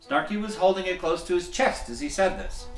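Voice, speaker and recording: A man in the role of Santa, reading a bedtime story in a gentle, chuckling, folksy way. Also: high voice, a little fast. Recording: echoey room, mic at a distance, soft music.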